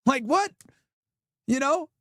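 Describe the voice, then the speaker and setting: Brief: high-pitched man, stream host, blunt profane rants, dry close sound. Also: expressive, takes it slowly, fairly bright tone, dry recording. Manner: profane, blunt, emphatic ranting. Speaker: livestream host. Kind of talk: casual streaming rant reacting to clips.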